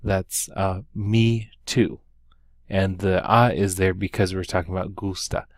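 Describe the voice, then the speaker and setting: A man's voice: sits low, level tone, unhurried, dry recording, studio quality. A man teaching a Spanish lesson, walking through the material unhurriedly with many ums and uhs and carefully sounded-out example words. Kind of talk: recorded lesson walkthrough.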